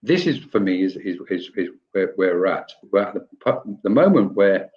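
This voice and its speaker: Man, fairly low voice, rambling and reflective, spiritual talk over video call, dull lo-fi sound. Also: sing-song, moderate pace. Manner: rambling, reflective, with frequent restarts. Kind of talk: live online spiritual discussion.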